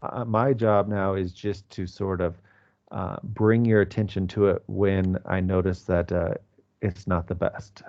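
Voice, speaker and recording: Male English teacher, 40s, low and patient, speaking over a muffled video call. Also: level tone, unhurried, vocal fry, darkish tone. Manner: patient, explanatory, many fillers. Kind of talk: online class teaching.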